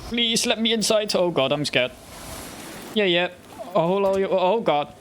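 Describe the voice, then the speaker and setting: A man's voice: sits high, lively intonation, normal speed, fairly bright tone, slight background noise. A man commenting on his own gameplay, muttering nervously to himself and yelping when scared. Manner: jumpy, frightened muttering to himself. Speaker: gamer. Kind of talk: let's play commentary.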